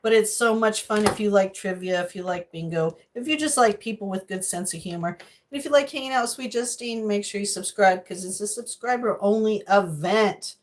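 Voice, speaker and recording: A woman's voice: mid-range voice, brisk. A middle-aged woman chatting casually on a livestream while cooking in her home kitchen, greeting viewers by name and wandering into rambling asides.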